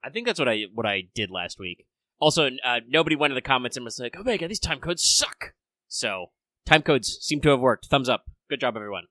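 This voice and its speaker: A man's voice: mid-range voice, lively intonation, a little fast, fairly bright tone, no room sound. A man hosting a casual podcast chat, rambling with lots of fillers, a bit under the weather. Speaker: podcast host.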